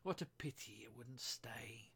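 A man's voice: lowish voice, lively intonation, normal speed, fairly bright tone. A man reading aloud and voicing a formal, polite storybook bird. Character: stately, proper parrot-like Lory bird.

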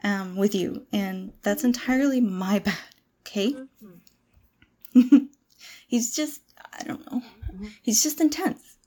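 A woman's voice: medium pitch, takes it slowly, long pauses, warm tone. A woman playing a frightened young woman in an audio role-play drama, pleading with a possessive captor. She stammers and drops into whispers. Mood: soothing, shaky.

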